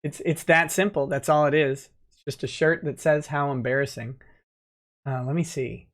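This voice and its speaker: A man's voice: on the high side, steady tone, moderate pace. Joking man hosting a livestream. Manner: joking, rambling, reads chat aloud. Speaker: livestream host, lawyer. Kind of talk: casual livestream chat.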